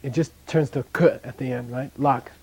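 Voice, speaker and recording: A man's voice: medium pitch, moderate pace, low-quality recording. A middle-aged man teaching a language class in a casual way, often checking in with his students. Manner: relaxed, casual, checks in with "okay?".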